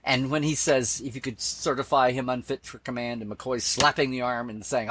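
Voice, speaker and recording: Speaking at a normal speed with a steady, fairly bright medium-pitched voice, this interview guest is a Star Trek expert, heard over slight background noise. His casual, enthusiastic talk is full of favorite quotes and restarted sentences.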